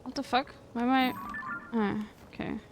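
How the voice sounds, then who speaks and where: A woman's voice: fairly high pitch, fairly even intonation, moderate pace, over music, low-quality recording. A young woman streaming a game, chatting crudely and jokingly with her viewers. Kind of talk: casual gameplay commentary.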